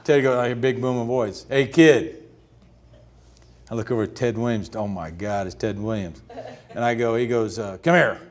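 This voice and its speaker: Man, fifties, stage interview guest, animated storytelling, acts out voices. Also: on the low side, brisk, slight background noise. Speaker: interview guest, retired pitcher.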